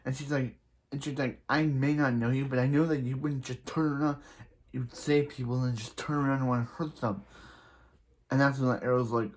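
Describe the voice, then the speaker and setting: A man's voice: medium pitch, steady tone. Guy rambling thru a tv episode recap, lots of so yeah and restarts. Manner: rambling, halting, many restarts and fillers. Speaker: show reviewer.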